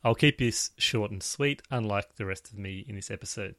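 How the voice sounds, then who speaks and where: A man's voice: on the low side, moderate pace, hardly any pauses, fairly bright tone, no echo, studio quality. A man co-hosting a book club podcast in casual chat, with a wry, playful delivery. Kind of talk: casual chat with a comic rating scale.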